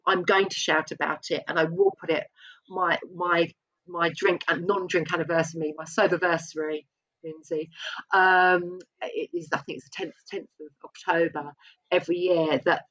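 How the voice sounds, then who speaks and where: A woman's voice: fairly low pitch, fairly bright tone, muffled recording. A woman speaking as an interview guest, open and reflective, often restarting her sentences. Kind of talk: candid conversational interview.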